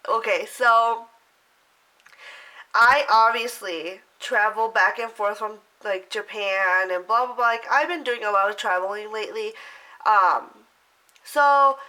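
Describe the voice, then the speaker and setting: A woman's voice: medium pitch, sharp tone, rough recording. A young woman vlogger telling a story to camera in a loose, chatty way, full of "like" and casual swearing. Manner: chatty, lots of "like", swears freely.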